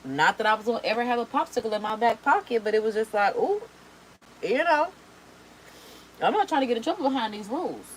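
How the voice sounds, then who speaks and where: A young adult woman hosting a reaction video, chatting casually in a sassy, animated way while doing her makeup. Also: on the high side, fast talker, a little hiss or hum, low-quality recording. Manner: sassy, animated, slangy and expressive.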